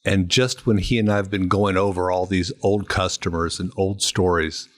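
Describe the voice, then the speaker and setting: A middle-aged man telling stories as a guest on a podcast, animated, with casual storytelling. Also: low voice, normal speed. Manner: animated storyteller who acts out voices.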